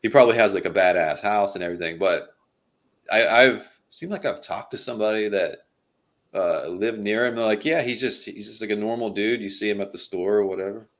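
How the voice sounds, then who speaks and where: A man with a fairly deep voice, a guest on a casual podcast. He talks loosely and swears freely while trading comedy favorites. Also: a little fast. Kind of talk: casual chat.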